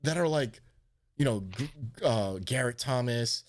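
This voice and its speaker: A man in the middle of a laid-back live stream, telling a long story in a casual, rambling way. He swears freely and jumps his voice up high when he acts out what other people said. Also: measured pace, slight background noise. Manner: animated, swearing, acts out quotes in a raised voice. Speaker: host.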